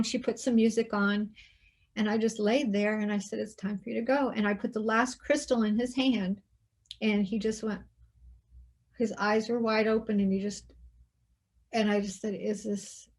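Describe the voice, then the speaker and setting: Woman host, slightly high voice, quiet heartfelt storytelling with quoted lines. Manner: soft, hushed retelling with quoted dialogue. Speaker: interview host. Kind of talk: personal storytelling in conversation.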